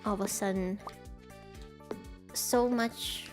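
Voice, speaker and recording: Her pitch is medium and her tone steady as she slowly chats with viewers during a home stream of a cozy farming game. She giggles a lot and pokes fun at herself, and faint music runs in the background.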